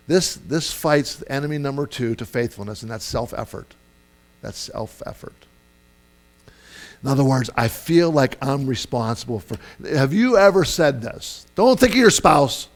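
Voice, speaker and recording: A male pastor delivering a sermon in a relaxed, chatty style. He wanders into asides and trips over his words, filling gaps with ums and uhs. His voice sits at an ordinary middle pitch. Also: measured pace, low-quality recording. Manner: conversational, digressive, with many fillers and restarts.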